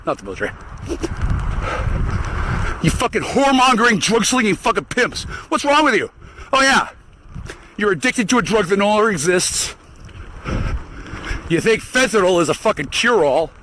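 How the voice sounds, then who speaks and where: A man's voice: high voice, big pitch swings, normal speed, long pauses, bright, forceful tone, a little hiss or hum, low-quality recording. A man delivering an angry, profane solo rant through a vocoder, swearing constantly. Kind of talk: solo ranting monologue.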